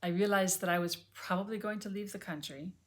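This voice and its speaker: A woman reading an audiobook chapter aloud at home, gentle and measured, sometimes dropping to a near whisper. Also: mid-range voice. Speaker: audiobook reader. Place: home, on a sofa.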